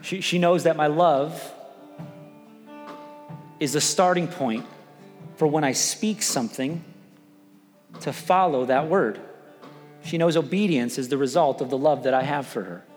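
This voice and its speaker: A man giving a conversational, animated sermon as pastor in a church, with faint music behind. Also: fairly high pitch, measured pace, pauses often, in a large hall.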